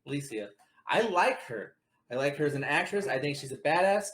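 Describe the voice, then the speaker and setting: A man's voice: a little high, expressive, fairly quick, a bit bright. A man co-hosting a casual movie chat, blunt and crude, swearing freely. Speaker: podcast co-host.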